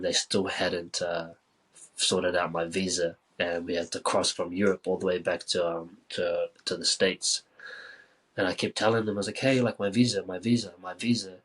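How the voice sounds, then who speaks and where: On a podcast, a New Zealand man shares a story in an easygoing manner, filled with filler words and lively reenacted dialogue. His voice sits low, and the audio quality is poor.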